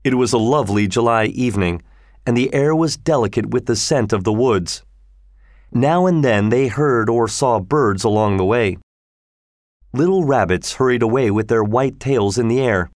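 A man narrating a storybook in a measured, even reading voice. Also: mid-range voice, no echo, studio quality. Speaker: audiobook narrator.

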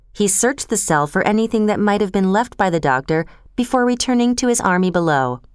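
A woman reads a story aloud in a slow, measured way, each sentence placed with care. Her voice is smooth and resonant at a middling pitch. The sound is dry and close, with no room echo. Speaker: narrator. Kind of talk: scripted storybook narration.

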